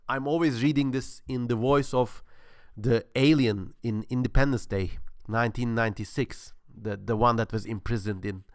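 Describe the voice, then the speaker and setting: A man's voice: medium pitch, moderate pace, dry recording, clean studio sound. A man presenting a casual history talk, rambling with many fillers and crude humor, with a sore throat.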